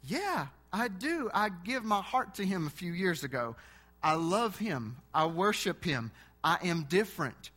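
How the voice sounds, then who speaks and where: A man voicing a friendly, excited male gas station clerk who talks effusively. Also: sits high, unhurried, full character voice. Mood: earnest. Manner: enthusiastic, effusive.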